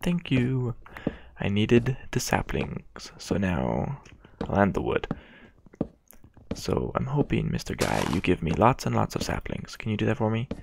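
A man's voice: on the low side, big pitch swings, a little slow, gravelly, noisy background. A man giving casual gameplay commentary, rambling and mocking himself as he chats to the game's characters. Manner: rambling and self-mocking, chatting to game characters. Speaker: gaming video creator.

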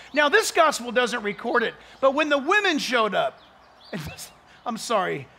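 A male pastor preaching an outdoor sunrise sermon into a stage microphone, animated, joking with the crowd and acting out the voices he quotes. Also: extremely high pitch, a little hiss or hum. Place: outdoors at dawn, cold.

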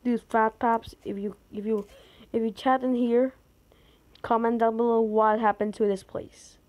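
A woman giving gameplay commentary, excitable, with sudden high outbursts. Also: unhurried, highs cut off. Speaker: gamer.

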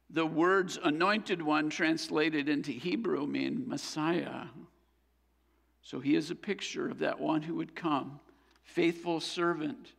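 A man's voice: a little high, gravelly, a bit bright, big-room sound. A man preaching a sermon as pastor, earnest and building to fervent exhortation. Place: church sanctuary.

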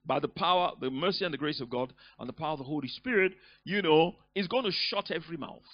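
A man preaching a sermon as pastor, emphatic, often rising into loud bursts. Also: a little high, animated, fast talker, few pauses, no echo. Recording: dull lo-fi recording.

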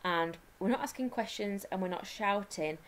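A woman with an English accent, a primary school teacher giving a recorded lesson, explaining step by step and slowing down to dictate. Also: medium pitch, slight background noise.

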